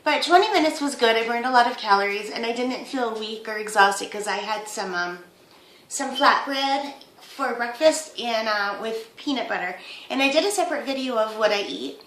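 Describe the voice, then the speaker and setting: A woman in her fifties talks to camera at home in a chatty, rambling vlog style. Her voice sits fairly high. The room sounds echoey, with a faint hum behind her. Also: normal speed, fairly bright tone. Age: 50s. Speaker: vlogger. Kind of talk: casual chat to camera.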